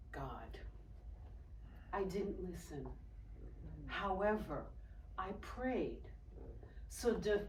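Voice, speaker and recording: A woman from Haiti giving a testimony sermon, telling a story with animated delivery and acting out the voices of the people in it. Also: mid-range voice, a little hiss or hum. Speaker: speaker. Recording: echoey hall, distant mic.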